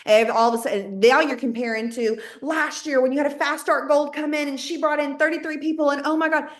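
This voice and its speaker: A high-pitched woman with a drawl, coaching her sales team with folksy, high-energy talk. She slips into other voices to act out what people say. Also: steady tone, brisk. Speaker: network marketing team leader.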